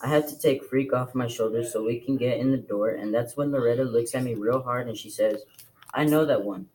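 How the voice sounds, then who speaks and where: A man with a mid-pitched voice reads a novel aloud for a class. He narrates in a steady, plain manner, without flourishes. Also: a little fast, rough recording. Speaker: reader.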